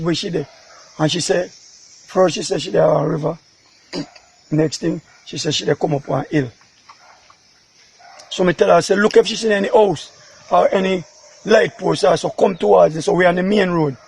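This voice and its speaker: A man's voice: high-pitched, moderate pace, gravelly, long pauses, darkish tone, breathy edge. A man with a Jamaican accent, a father recounting in an interview how his daughter went missing, rambling in patois. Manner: rambling, emotional retelling in patois.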